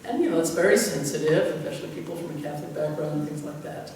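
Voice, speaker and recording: Low and darkish, her voice moves quickly as an older woman pastor chuckles and rambles through conversational stories packed with fillers. A distant mic picks her up in a church hall thick with echo, faint noise lingering beneath.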